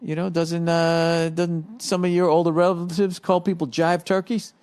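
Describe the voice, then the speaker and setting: A man's voice: on the high side, level tone, moderate pace, darkish tone, clean tone. A man hosting a podcast, ranting casually and bluntly while reading out listener emails, swearing and laughing often. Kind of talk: casual profane rant.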